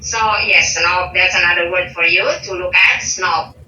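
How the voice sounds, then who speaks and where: A woman talking as a guest in a casual conversation, speaking hesitantly and pausing often to search for words. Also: on the low side, little pitch movement, bright, forceful tone. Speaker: interview guest. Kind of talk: casual conversation about English learning. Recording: muffled, echoey room, distant mic, faint hiss.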